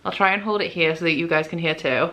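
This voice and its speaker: A woman book vlogger chatting casually into her microphone, gushing and excitable, swearing freely. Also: on the low side, fast talker, background noise. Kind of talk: casual vlog chat. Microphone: own microphone.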